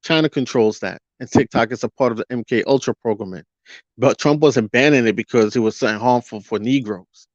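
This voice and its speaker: A man's voice: mid-range voice, dry recording. A man ranting through a fiery commentary monologue, firing rhetorical questions at his viewers and stretching out words for emphasis. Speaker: vlogger. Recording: dull lo-fi dry audio.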